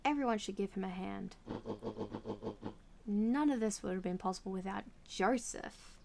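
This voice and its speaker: Close to her everyday voice, an Australian woman voices the storybook game's pompous, cruel old bird villain. Her mid-range voice is creaky and the background is noisy. He gloats in a theatrical, sneering, slow and grand style.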